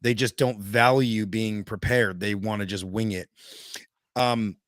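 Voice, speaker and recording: A man's voice: on the low side, steady tone, measured pace, fairly bright tone, no room sound, studio quality. A man hosting a podcast, rambling and hunting for words as he builds up to a question. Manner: rambling, searching for words before asking. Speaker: podcast host. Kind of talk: casual interview talk.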